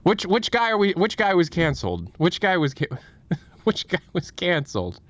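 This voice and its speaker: A man's voice: sits high, huge pitch swings, moderate pace. A man hosting his own livestream, chatting casually in a rambling, self-mocking and profane way. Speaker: livestream host. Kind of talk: casual stream chat.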